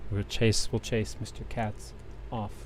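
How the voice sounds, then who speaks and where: This man's voice is fairly low, flat, unhurried, and slightly mellow, with a bit of hiss or hum from his desk mic. He's hosting a laid-back livestream, stitching as he talks in a wandering way with plenty of restarts.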